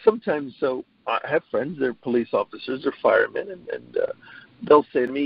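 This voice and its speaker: A middle-aged man appears as a guest on an interview show, speaking earnestly and casually while often repeating his first words before getting going. His medium-pitched voice is expressive and fast, with vocal fry and a breathy edge, on dull, lo-fi audio with no room sound.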